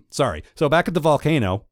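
A man's voice: a little high, big pitch swings, moderate pace. A man narrating a comedic recap of a cartoon episode, with sarcastic, wry asides. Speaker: cartoon reviewer.

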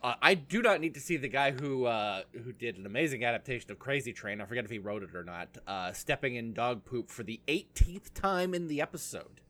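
A man's voice: medium pitch, animated, brisk, few pauses, fairly bright tone. A man co-hosting a podcast, recapping a cartoon episode in casual chat, sarcastic and rambling with lots of fillers. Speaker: podcast co-host.

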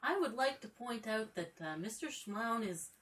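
A woman co-hosting a podcast in casual chat, making dry, deliberate remarks. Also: a little high, lively intonation, fairly bright tone.

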